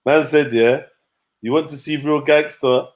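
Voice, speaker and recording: A man's voice: on the high side, steady tone, a little slow. A man hosting a stream, joking and mocking in casual slang. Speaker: stream host. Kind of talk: casual reaction commentary.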